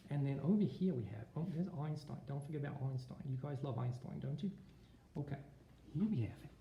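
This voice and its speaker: A teacher from Texas leads a joking walking tour in a put-on Australian accent. His voice is dark, mellow and gravelly. It echoes through empty school hallways with a faint hum behind it. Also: a little high. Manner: playful, jokey, self-deprecating asides. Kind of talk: walking video tour narration.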